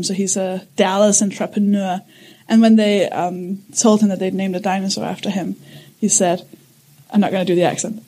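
Breathy giggly woman in her thirties. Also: mid-range voice, warm tone. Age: 30s. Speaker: podcast co-host. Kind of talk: casual chat.

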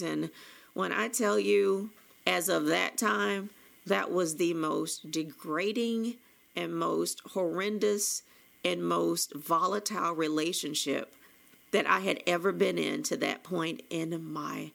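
Woman telling her own story, kinda low voice with lots of fry, rambly and candid. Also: slow pace. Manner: candid, rambling with many restarts and quoted dialogue. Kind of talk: personal storytelling.

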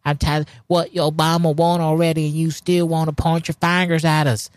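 A man's voice: on the high side, flat delivery, normal speed, dry recording, pitched above the performer's own voice, close to an everyday voice. A man voicing a fed-up, resentful man who complains in a raised voice. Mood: aggrieved.

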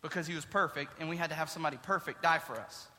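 Male youth pastor, high and bright, chatty, quizzes kids during a casual lesson, long hall reverb. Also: rapid-fire. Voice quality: chatty, quizzing listeners with questions.

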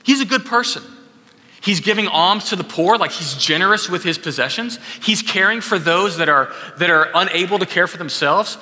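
A man's voice: sits high, animated, normal speed, sharp tone. A pastor delivering a conversational sermon, acting out quotes as he goes. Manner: conversational preaching with acted quotes. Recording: echoey hall.

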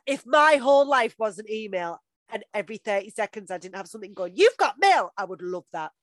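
A woman's voice: mid-range voice, quick pace, no room sound, studio quality. A woman co-hosting a podcast, chatting casually and swearing, with a lot of 'like' fillers. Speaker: podcast co-host. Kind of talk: casual chat.

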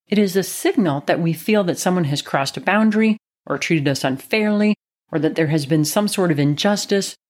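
A woman's voice: low voice, darkish tone. A woman telling a personal childhood story in an earnest, reflective way, then drawing advice from it, with occasional "you know" fillers. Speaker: speaker giving life advice.

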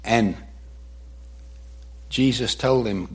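A man's voice: medium pitch, lively intonation, slow pace, long pauses, breathy edge. A male preacher retelling a story in a sermon, dramatic and voicing the quotes himself.

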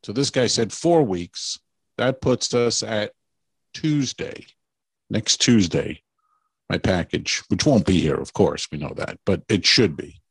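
A man's voice: fairly low pitch, takes it slowly, vocal fry, husky, dry recording. A man co-hosting a podcast in casual chat, rambling through stories and laughing as he tells them. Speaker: podcast co-host.

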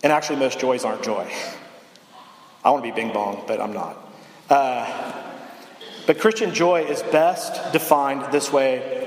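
A man's voice: mid-range voice, a little slow, pauses often, slight background noise. A young man giving a sermon as a campus minister, conversational and self-deprecating, often restarting his sentences. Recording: echoey hall reverb.

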